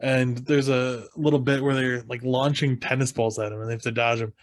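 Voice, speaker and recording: An easygoing young adult man co-hosting a podcast, agreeing often and telling stories with a loose, casual delivery. His voice sits at an ordinary middle pitch. The sound is dry and close. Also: little pitch movement, a little fast, no echo. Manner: easygoing, agreeing, short backchannels. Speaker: podcast co-host. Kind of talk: casual chat.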